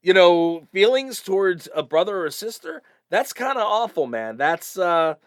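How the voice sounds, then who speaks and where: A middle-aged East Coast American man co-hosting a podcast, rambling and animated with lots of "you know" fillers. His voice sits a bit high and swoops up and down expressively. The recording is dry and close. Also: moderate pace, clean tone, dry recording. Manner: rambling, animated, swears casually. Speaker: podcast co-host. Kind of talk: casual chat.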